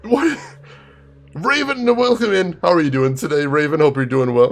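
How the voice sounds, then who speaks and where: A man's voice: fairly high pitch, moderate pace. A man casually commenting on a game he is playing, chatty with fillers. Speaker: gameplay streamer. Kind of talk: casual let's play commentary.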